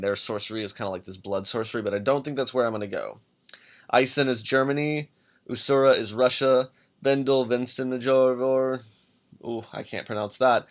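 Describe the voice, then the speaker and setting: Solo podcast host, man, mid-pitched, hesitant think-aloud delivery. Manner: thinking aloud, many ums and restarts. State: has the hiccups. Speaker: podcast host making a character. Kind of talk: casual solo walkthrough.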